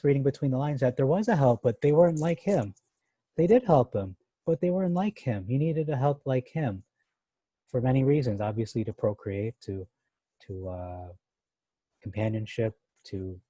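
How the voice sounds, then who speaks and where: A man teaches through a Bible passage verse by verse in an easygoing, conversational way, with fillers and side remarks. His voice sits low and dark with a husky edge. The recording is dry and close, with no room sound. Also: dry recording, rough recording. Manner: conversational, thinking aloud with fillers and asides. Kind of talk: casual verse-by-verse Bible study.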